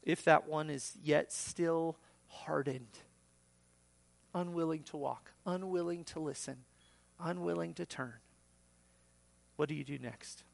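A male pastor delivers a sermon at an unhurried pace. His voice has a gravelly edge, and the sound is dry and close. He acts out quoted voices and jumps sharply upward for emphasis. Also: a little high, dry recording.

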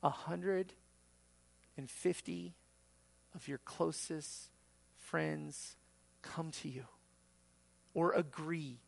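A man's voice: on the high side, extremely slow, gravelly, pauses often. A man preaching a sermon as pastor, acting out quoted voices and rising sharply for emphasis.

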